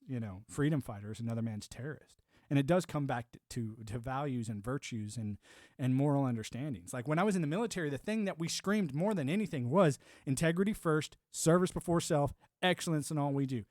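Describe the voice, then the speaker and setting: Man, fairly high voice, dry close sound, blunt and profane, rambling talk. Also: animated, fairly quick, a little mellow, dry recording. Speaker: livestream host, military veteran. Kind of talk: casual monologue.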